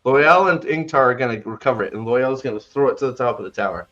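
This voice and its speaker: A man's voice: medium pitch, expressive, fast, a bit bright, highs cut off. A man hosting a podcast in a casual, sarcastic rant, stumbling over his words as he mock-retells scenes. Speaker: podcast host.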